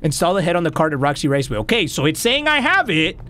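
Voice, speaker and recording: High, lively young man gaming. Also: fast. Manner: excitable, swearing, shouting and pleading at the game. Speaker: gaming YouTuber. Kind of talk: let's play commentary.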